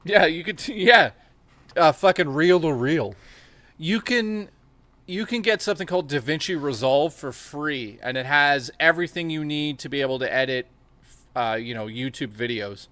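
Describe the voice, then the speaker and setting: A man from Canada banters loosely on a late-night stream, swearing freely and trading jokes with his co-host. His voice sits a little high and rings bright and forceful. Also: expressive, normal speed, no room sound. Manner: profane, joking, breaks into laughter.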